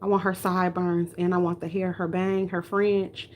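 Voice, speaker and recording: Low-voiced woman with a country twang. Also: level tone, moderate pace, darkish tone, a little hiss or hum. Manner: chatty, talks while rooting doll hair. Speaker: reborn doll artist. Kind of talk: casual livestream chat while working.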